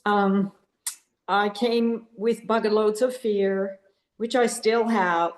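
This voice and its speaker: A woman's voice: medium pitch, steady tone, slow, echoey room. A woman from Canada, speaking in a grateful, rambling way about her course. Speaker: course participant.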